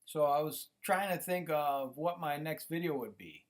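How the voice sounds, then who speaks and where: A man's voice: on the high side, lively intonation, moderate pace. A middle-aged man talking to camera on his own channel, rambling with many fillers and restarts, recorded on a computer microphone. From United States. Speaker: YouTube channel host. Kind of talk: casual monologue to camera.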